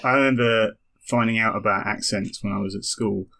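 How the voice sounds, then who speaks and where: A man's voice: fairly low pitch, steady tone, a little fast, creaky, fairly bright tone. A British man, a comedian co-hosting a podcast, thinking aloud in a casual chat with many fillers. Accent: British English. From Britain.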